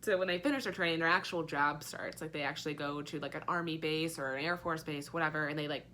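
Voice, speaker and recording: A woman's voice: low voice, fairly even intonation, quick pace, pushed and bright. A young woman giving a casual, rambling book review, sarcastic and full of fillers and swearing.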